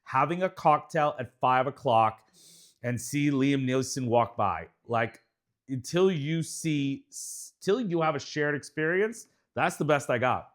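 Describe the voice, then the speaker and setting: A man's voice: mid-range voice, a little slow. A man co-hosting a casual podcast, blunt and emphatic, swearing freely. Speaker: podcast co-host, dentist.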